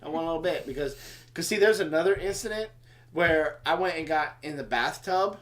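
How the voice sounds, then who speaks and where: A man telling a funny story in a casual livestream chat, animated and self-mocking. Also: on the high side, brisk. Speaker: homestead livestream co-host.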